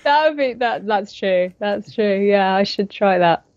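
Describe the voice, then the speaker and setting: A woman's voice: mid-range voice, lively intonation, a little slow, a little mellow, no room sound, muffled recording. A British woman, an actress, chatting casually in an interview, laughing often and rambling as she thinks. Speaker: actress, guest.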